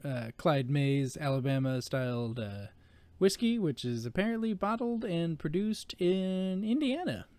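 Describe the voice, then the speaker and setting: A man's voice: a little high, expressive, unhurried, darkish tone, smooth, no echo. A man co-hosting a podcast in casual chat, joking, laughing often and rambling with fillers. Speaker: podcast co-host.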